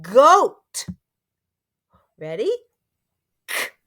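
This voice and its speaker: A woman teaching a phonics lesson to young children, sounding out words slowly and encouraging them. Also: on the high side, very animated, a bit bright.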